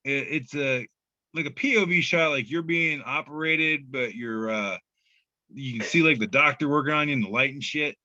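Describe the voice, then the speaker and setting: A man's voice: medium pitch, moderate pace, pushed and bright, no echo, muffled recording. A man co-hosting a casual podcast, reading memes aloud with loose, profane humor and frequent laughter. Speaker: podcast co-host.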